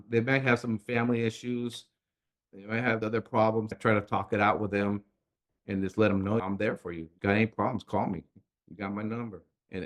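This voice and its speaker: A middle-aged man, a coach and author, telling animated stories as an interview guest and acting out the dialogue he quotes. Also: on the low side. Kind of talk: conversational storytelling interview.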